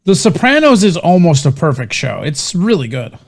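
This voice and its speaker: A man co-hosting a talk show, chatting casually, crude and excitable, swearing often. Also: fairly high pitch, moderate pace, gravelly, husky. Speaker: co-host. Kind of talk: casual chat.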